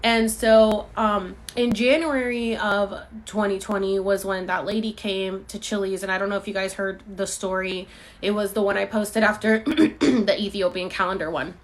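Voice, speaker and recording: Chatty woman telling a rambling story. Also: mid-range voice. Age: 30s. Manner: animated, rambling, frequent fillers and quoted dialogue. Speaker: host answering viewer questions. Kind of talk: casual live-stream storytelling.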